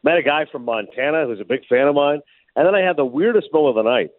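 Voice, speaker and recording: A man co-hosting a radio chat from afar, rattling off his stories quickly with a lively, swooping pitch. His voice comes through a thin, phone-like line with no room sound at all. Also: no room sound. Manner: animated storyteller. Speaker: co-host. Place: remote, away from studio. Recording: tinny phone line, dry.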